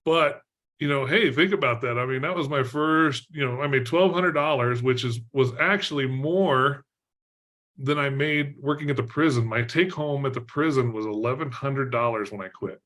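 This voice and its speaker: A middle-aged man from Texas, a podcast guest telling a story in a lively way, laughing often and using lots of fillers. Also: medium pitch, normal speed. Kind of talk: storytelling in an interview.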